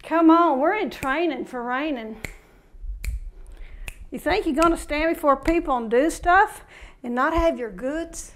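A woman giving an informal recorded sermon, impassioned and building from quiet reflection to fervent exhortation. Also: sits high, a little slow, long pauses. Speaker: preacher.

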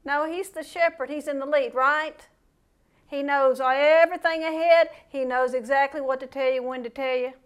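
High-voiced woman preaching casually. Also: normal speed. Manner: conversational, animated, playful asides and mimicked voices. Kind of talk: informal sermon.

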